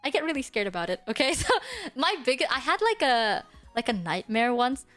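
High-voiced woman chatting on stream. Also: sing-song, normal speed, soft background music. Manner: chatty and rambling, with many fillers and laughs; drops to a hushed whisper at times. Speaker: vtuber streamer. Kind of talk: casual livestream chat.

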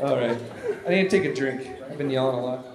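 A man in his forties doing a stand-up comedy routine on stage, loud and animated, often shouting for effect. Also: medium pitch, fast talker, very noisy. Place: comedy stage before a live audience. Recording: echoey live room with crowd.

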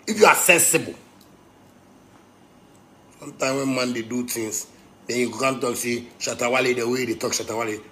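A man from Ghana with a Ghanaian Pidgin English accent delivering a rambling, impassioned rant. He repeats his phrases and swings between loud bursts and quieter stretches. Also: medium pitch, animated, brisk. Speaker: self-described pastor.

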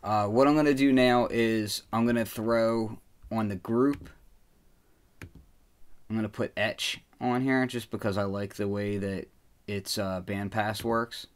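Smooth-voiced man explaining a beat. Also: fairly low pitch, unhurried. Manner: relaxed, step-by-step explaining. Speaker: beat maker explaining his process. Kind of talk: casual tutorial narration.

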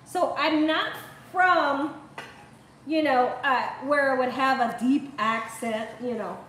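Cooking in her echoey home kitchen, a woman from Columbus, Ohio chats and laughs with her viewers, her voice far from the mic. She speaks slowly in a high pitch against a noisy background.

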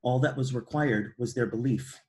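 A middle-aged man from Brooklyn reads from his own memoir. His voice sits at an ordinary middle pitch, and his delivery is measured and precise, with a dry, wry edge. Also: a little mellow. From Brooklyn, New York. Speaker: author reading his memoir. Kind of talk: literary memoir reading.

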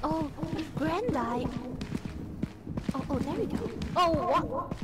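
High-pitched squealing woman streamer. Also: animated, takes it slowly. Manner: panicky, squealing, laughing, repeated exclamations. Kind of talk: live game stream chat.

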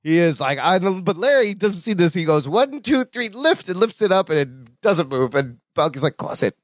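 A man co-hosting a podcast, telling sitcom scenes in a lively way, laughing often and acting out lines. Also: on the high side, fairly quick, dry recording. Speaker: podcast co-host. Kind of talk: casual chat recapping a sitcom episode.

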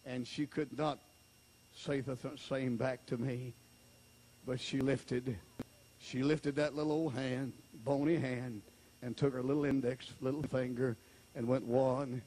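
A man preaching an emotional revival sermon, repeating phrases and swinging from hushed storytelling to high shouts. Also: level tone, unhurried. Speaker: evangelist preacher.

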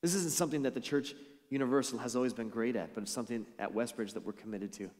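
A man's voice: medium pitch, fast, a little mellow. A pastor giving a conversational sermon to his congregation, telling stories along the way. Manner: storytelling, conversational preaching. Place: church sanctuary. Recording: church hall with long reverb.

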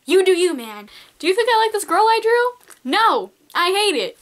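A woman's voice: extremely high pitch, very animated, moderate pace, a little hiss or hum. A teenage girl giving casual, peppy, encouraging art advice straight to her viewers. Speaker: art vlogger. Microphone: camcorder mic.

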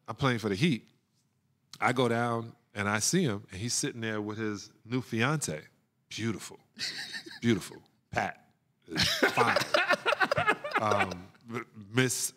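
A middle-aged man, a guest on a podcast, telling stories in an animated way, laughing often and acting out the people he quotes. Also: medium pitch, unhurried. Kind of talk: storytelling in a podcast interview.

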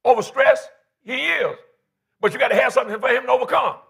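A man's voice: very high voice, fast, gravelly, a bit bright, slightly rough. A man in his fifties preaching a fervent, folksy sermon in church, calling for responses from the congregation. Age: 50s. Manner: colloquial, folksy phrasing. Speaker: pastor.

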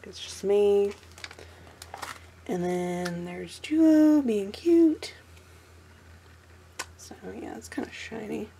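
Young woman, hoarse and sleepy from allergies, rambling with ums, gravelly voice, faint hiss. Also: medium pitch, extremely slow, pauses often, mellow. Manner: rambling and giggly, lots of ums and asides. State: stuffy and losing her voice from allergies; tired, short on sleep. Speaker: artist showing her sketchbook. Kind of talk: casual sketchbook flip-through vlog.

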